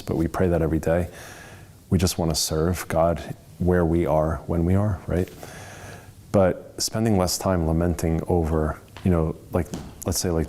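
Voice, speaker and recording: With a low, mellow voice, a man leads a church Bible study as casual teaching. He's earnest and conversational, and he drifts into plenty of rambling asides.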